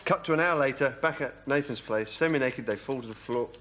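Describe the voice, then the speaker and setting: A man earnestly narrating a scene pitch in a sketch comedy. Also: brisk, fairly bright tone, a little hiss or hum.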